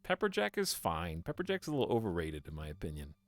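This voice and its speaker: Lively young man streaming a game. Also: deep voice, fast, faint music behind. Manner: rambling, talks to chat while playing. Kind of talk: casual live game stream chat.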